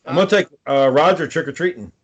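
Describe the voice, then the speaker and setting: This co-host's voice is slightly high and quick, captured in dull audio, as he rambles through profane stories during a casual podcast chat.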